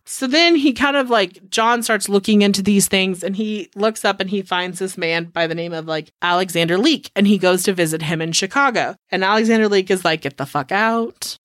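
A woman's voice: mid-range voice, a little fast, few pauses, no room sound, studio quality. A young adult woman co-hosting a podcast, loosely retelling a film plot with lots of fillers and swearing. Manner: loose, profane retelling full of "like". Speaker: podcast co-host. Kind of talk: casual film recap chat.

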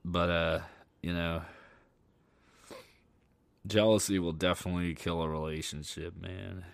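A young man with a lowish voice talks straight into a dry, close mic. He hosts his own podcast and tells frank, cursing stories about dating. When he retells the fright, he climbs high and loud. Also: unhurried, vocal fry, smooth, no echo. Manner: candid and profane, animated when retelling a scare. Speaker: podcast host. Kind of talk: casual storytelling monologue.

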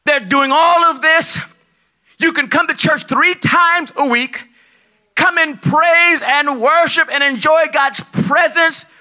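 A man preaching a sermon as pastor, loud and excitable, dropping from shouts to low asides and acting out the people in his stories. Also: slow. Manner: acts out dialogue in his stories. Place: large church hall at a conference.

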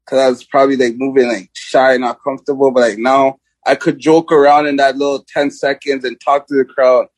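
A man's voice: medium pitch, little pitch movement, fairly quick, hardly any pauses, dry recording. A young man, a guest rapper, chatting casually in an interview, rambling with lots of filler words and easy laughter. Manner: rambling, lots of "like" and "you know", laughs easily.

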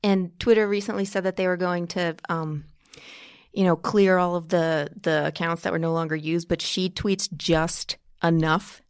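A woman from Long Island with a light local accent talks politics on a podcast in a joking, casual way. Her voice sits a little low and has a gravelly fry to it. She trips over her words and restarts her sentences often. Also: fairly even intonation, moderate pace. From Long Island, New York. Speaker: political commentator guest.

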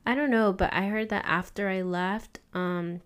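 A woman's voice: mid-range voice, moderate pace, smooth. Woman podcast cohost telling a story, super casual, says like a lot. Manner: animated storyteller, fills with "like". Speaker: podcast co-host, hair stylist.

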